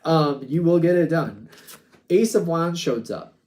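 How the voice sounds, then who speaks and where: A man's voice: fairly high pitch, expressive, unhurried, darkish tone. A man giving a casual tarot reading, rambling and hedging with lots of filler words and disclaimers. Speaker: tarot reader.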